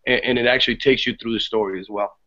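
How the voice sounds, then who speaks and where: Male podcast guest, mid pitch, casual and profane, lo-fi sound. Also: fast talker. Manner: animated, swears freely, restarts often. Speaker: theater guest. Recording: dull lo-fi podcast audio.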